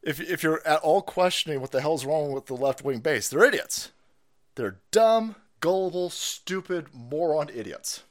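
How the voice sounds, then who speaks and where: A man's voice: a little high, sing-song, normal speed. A man ranting sarcastically on a livestream, profane and laughing often. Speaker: political commentary streamer.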